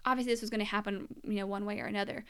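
A woman's voice: mid-range voice, fairly even intonation, very fast, fairly bright tone, smooth. A young woman telling her personal story as a mother in an earnest, emotional monologue, at times close to tears.

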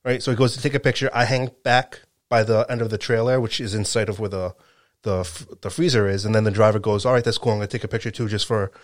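Male storyteller, blue-collar, profane and animated, dry mic. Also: lowish voice, fast talker, no room sound. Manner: animated, profane, acts out quotes. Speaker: truck driver telling a story. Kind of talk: casual storytelling chat.

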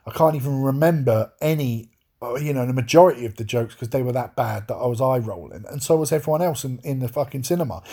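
Husky man ranting in frustration. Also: mid-range voice, a little mellow. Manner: exasperated, swears often, restarts sentences. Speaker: podcast host reviewing a film. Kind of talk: casual ranting review.

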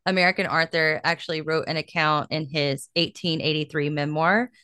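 A woman's voice: sits low, steady tone, normal speed, bright, forceful tone, clear, resonant tone, no echo, clean studio sound. A young woman co-hosting a casual podcast, chatty and full of fillers, laughing easily. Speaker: podcast co-host. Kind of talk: casual chat.

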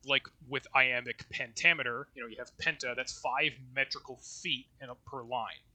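A man's voice: medium pitch, fairly even intonation, moderate pace, pushed and bright. A man co-hosting a casual talk about poetry, loose and rambling with restarts and a bit of swearing. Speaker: podcast co-host.

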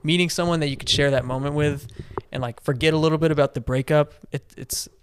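A man's voice: on the high side, fairly even intonation, quick pace, a little hiss or hum. Enthusiastic man gushing on a podcast. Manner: enthusiastic, rambling with restarts and fillers. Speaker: podcast co-host. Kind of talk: casual music discussion.

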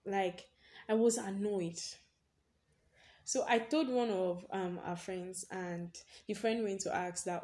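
A young woman talks through a personal story on her podcast in a loose, conversational style. She keeps leaning on the word "basically" and breaks into short laughs. Her voice sits at a middling pitch for a woman. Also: steady tone, takes it slowly, a little mellow. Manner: chatty storytelling, leans on "basically", laughs often. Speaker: podcast host. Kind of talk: casual personal podcast monologue.

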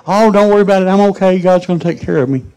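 A man's voice: high voice, very fast, dark tone, clear, resonant tone, voice pushed up, low-quality recording. A man voicing a stubborn, devout old woman in a sermon story. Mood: indignant.

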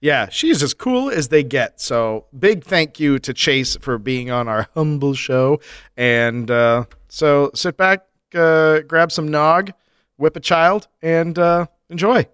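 Playful man co-hosting, slightly high voice. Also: a bit bright, smooth, dry recording, clean studio sound. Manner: playful, jokey, quick asides. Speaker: podcast co-host. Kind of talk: joking banter.

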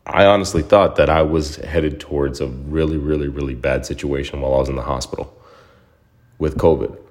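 A young podcast host with a bass voice talks briskly through his own story in a casual solo monologue, his intonation fairly even. Reflective and heartfelt, he often repeats words while gathering his thoughts.

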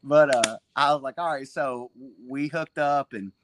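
A man's voice: medium pitch, unhurried, a bit bright, no room sound. A man in his forties, a jiu-jitsu black belt and gym owner, telling stories as a guest in a casual chat. He rambles and swears, often restarting his sentences. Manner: rambling, profane, frequent restarts and laughter.

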